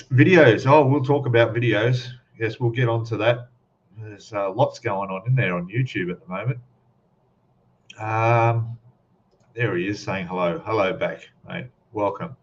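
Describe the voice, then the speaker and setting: A chatty Australian man hosts a relaxed live-stream hangout, greeting viewers one by one. His voice sits a little low and comes through a slightly dull, lo-fi mic. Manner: chatty, greets viewers by name with many fillers. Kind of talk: casual live-stream chat.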